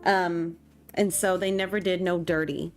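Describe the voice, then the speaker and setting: A young woman streamer chatting casually with her live chat while playing a game, excitable and quick to laugh. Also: fairly low pitch. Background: faint background music.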